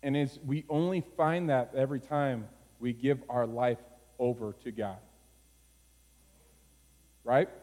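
A man's voice: fairly even intonation, takes it slowly, pauses often. Man preaching a sermon in a reverberant hall. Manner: rises from low, quiet phrases to high, urgent pleading. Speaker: pastor.

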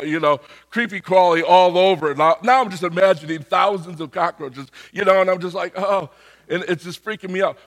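A middle-aged pastor preaching in a casual, conversational way, his voice a little hoarse. He sits a touch higher than most men and tells his stories with animated energy. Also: big-room sound. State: slightly hoarse. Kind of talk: sermon with personal story.

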